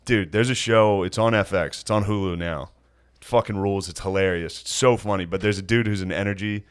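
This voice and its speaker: A man co-hosting a podcast in casual chat, excitable and joking, egging on the stories. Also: on the low side, brisk, smooth, no echo, clean studio sound. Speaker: podcast co-host.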